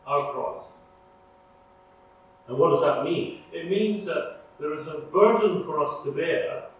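A man preaching a sermon in an earnest way, swinging between loud emphasis and hushed, prayerful lines. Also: a little high, highs cut off. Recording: echoey room, mic far off, faint hum.

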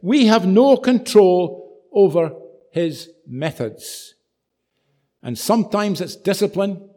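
Man, preacher, sermon, animated storytelling, dramatic emphasis, slightly high voice. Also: slow.

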